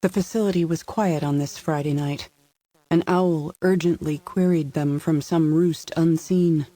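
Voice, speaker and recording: A man reading a thriller audiobook aloud in an even, measured scripted narration. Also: on the high side, no echo.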